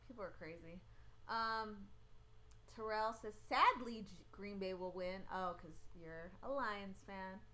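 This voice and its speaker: Slow-talking bright-voiced woman host. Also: mid-range voice, slight background noise. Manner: rambling and chatty, often loses track. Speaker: host of a sports picks show. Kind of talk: casual livestream chat reading viewer comments. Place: at home.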